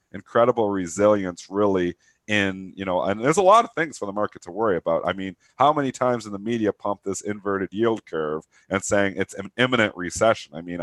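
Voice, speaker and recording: A man in his thirties with a cold, co-hosting a live trading show in animated, rapid chat. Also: low voice, dry recording. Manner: animated, rapid trader talk. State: stuffy from a cold. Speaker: co-host of a trading talk show. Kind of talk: casual live market chat.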